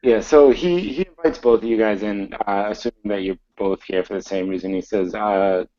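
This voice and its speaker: A man's voice: on the low side, a little fast, warm tone, highs cut off. A man narrating a tabletop game as game master, rambling with many fillers over an online call.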